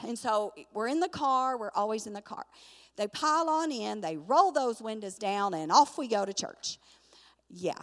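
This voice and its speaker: Older woman, Bible study teacher, animated storyteller, reverberant hall. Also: mid-range voice. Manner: animated, chatty storytelling with acted-out quotes. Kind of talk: storytelling lesson.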